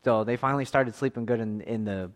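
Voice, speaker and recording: Man, thirties, mid-pitched voice, casual rambling storytelling, restarts, quotes voiced out. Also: fast talker, big-room sound. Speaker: father telling a church camp story.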